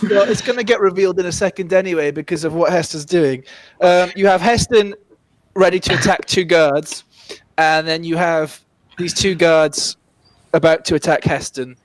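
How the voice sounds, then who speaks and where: A man's voice: a little high, normal speed, no room sound. A man running a tabletop game as dungeon master, setting scenes in a chatty way and often restarting his phrases. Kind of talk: casual tabletop game narration.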